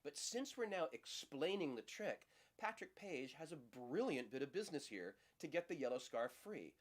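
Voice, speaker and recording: A middle-aged man teaching a magic trick in a casual, playful demonstration, talking the viewer through each move. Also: moderate pace. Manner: lively, playful, acts out audience lines in high voices.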